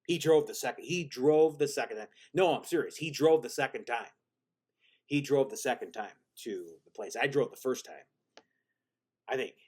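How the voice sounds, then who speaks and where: Male vlog host, rambling deadpan storyteller, mid-pitched, lots of restarts. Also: normal speed, husky. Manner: rambling, deadpan self-mocking, many restarts. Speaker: channel host.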